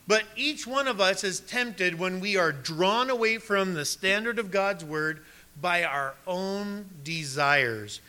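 A male pastor preaching a sermon, emphatic, dropping low and soft on key words. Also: expressive, slow.

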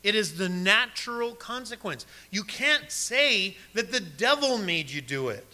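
Bright-voiced preaching male pastor. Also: expressive, measured pace. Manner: emphatic preaching, drops low and soft on key words. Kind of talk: sermon.

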